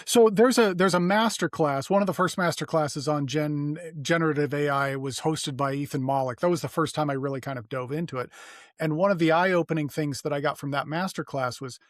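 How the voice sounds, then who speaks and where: A man's voice: a little high, a little fast, no room sound, studio quality. A man hosting a podcast interview, talking loosely with fillers and asking long, rambling questions. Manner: conversational, loose and full of fillers, asks long framing questions. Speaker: podcast host. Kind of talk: casual interview chat.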